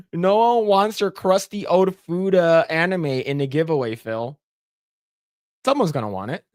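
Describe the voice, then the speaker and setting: A fairly high-pitched man at a moderate pace co-hosts a podcast, telling a rambling gaming story with many fillers and frequent laughter in a casual, storytelling way. The recording is dry, with clean studio sound.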